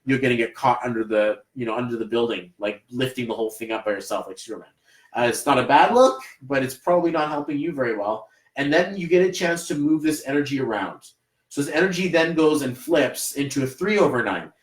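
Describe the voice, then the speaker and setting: A man's voice: mid-range voice, expressive, a little fast, reverberant, low-quality recording. A man with a Canadian accent doing a live numerology reading, rambling and encouraging, with many fillers. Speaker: numerology reader. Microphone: livestream camera mic.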